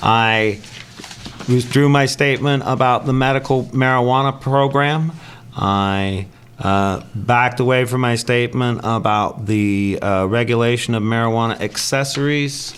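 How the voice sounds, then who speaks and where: A man on a panel hesitantly conceding points, with many pauses and fillers. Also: mid-range voice, fairly bright tone, smooth. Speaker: panel guest.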